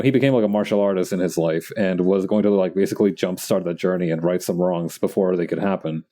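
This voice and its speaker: A young man with a low, mellow voice rambles casually while he draws on a stream. He talks in loose, stop-and-start sentences and laughs at himself along the way. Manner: chatty, full of likes and restarts, laughs at himself. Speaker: streamer drawing live.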